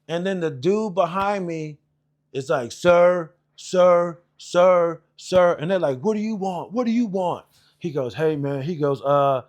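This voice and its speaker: A man in his forties, an Air Force veteran, telling service stories in a rambling, profane, casual way with lots of fillers. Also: on the high side. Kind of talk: casual storytelling.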